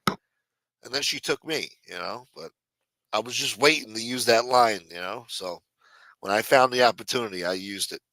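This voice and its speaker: A man's voice: mid-range voice, moderate pace, no echo. Profane, chatty male livestream host. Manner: profane, chatty, animated retelling with voiced quotes. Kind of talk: casual livestream chat reading the chat.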